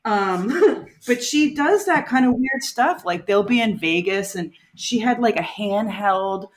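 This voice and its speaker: A woman's voice: mid-range voice, expressive, a little slow. A woman in a band, a podcast guest telling rambling stories in a casual, chatty way and laughing often. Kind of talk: casual storytelling.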